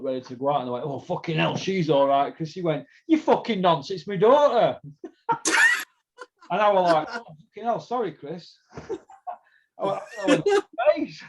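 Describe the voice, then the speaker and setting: Here the middle-aged South Yorkshire podcaster from Doncaster, England, has a medium, slightly mellow voice. He rambles through casual stories full of swearing and laughter, captured on a dull, lo-fi recording.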